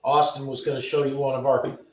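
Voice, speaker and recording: A man's voice: mid-range voice, little pitch movement, a little fast. A man hosting a casual live stream from his garage shop, reading viewer names aloud in an easygoing way. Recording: echoey shop from far off.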